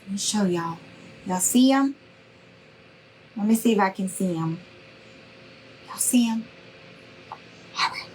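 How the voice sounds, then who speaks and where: A middle-aged woman leads a live craft tutorial at an unhurried pace. She chats warmly with her viewers, greets them by name and keeps reassuring them. A faint hiss sits under her voice. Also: mid-range voice, lively intonation, rough recording. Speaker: craft instructor.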